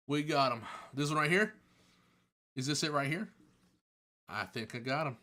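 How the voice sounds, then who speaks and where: A man casually answering chat questions on a live stream, chatty and excitable, joking and laughing often. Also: fairly high pitch, normal speed, long pauses.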